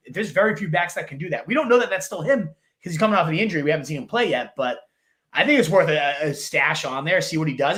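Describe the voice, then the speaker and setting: A man's voice: fairly high pitch, fairly bright tone. A man co-hosting a casual fantasy football chat, enthusiastic and thinking aloud with fillers.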